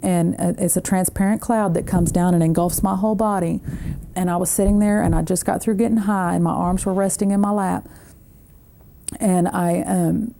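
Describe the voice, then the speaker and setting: A woman guest giving an earnest personal faith testimony, halting and restarting as she talks. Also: on the low side, steady tone, gravelly, dark tone, a little hiss or hum.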